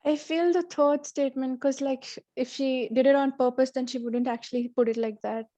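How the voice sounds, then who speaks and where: A woman taking part in an online group activity, soft-spoken and starting her turns with hesitant fillers. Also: sits high, fairly even intonation, moderate pace, dry recording, muffled recording. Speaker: activity participant. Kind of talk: casual group chat.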